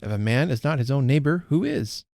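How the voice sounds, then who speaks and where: A man voicing a sneering gentleman gossip in a read-aloud of a classic novel, with snide, sardonic remarks. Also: mid-range voice, animated, brisk, gravelly, no room sound, studio quality, voice pushed up.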